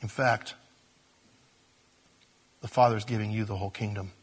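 Man, pastor, sermon, husky, emotional storytelling. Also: fairly low pitch, moderate pace. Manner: animated storytelling, whispers and laughs, prayerful close.

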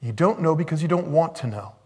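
A man preaching a sermon, telling stories in an animated way and acting out the voices in them. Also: a little high, fairly quick, breathy edge. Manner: animated storytelling, acts out quoted voices.

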